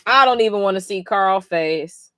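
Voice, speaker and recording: A woman's voice: mid-range voice, expressive, moderate pace, bright, forceful tone, dry recording. A sleepy woman streamer reacting live as she reads a comic, blunt, profane and exasperated. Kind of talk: casual live reading reaction.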